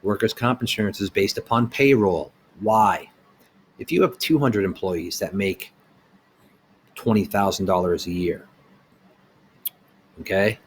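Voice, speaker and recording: A man's voice: on the low side, measured pace, long pauses, slight background noise. A middle-aged man who owns a small business, delivering a blunt, heated opinion rant with rhetorical questions.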